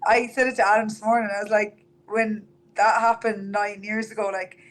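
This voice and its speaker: A woman's voice: mid-range voice, little pitch movement, normal speed, low-quality recording. A young Irish woman, a fighter interviewed about her career, talking candidly with lots of "like". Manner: candid, chatty, fillers of "like". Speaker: MMA fighter guest.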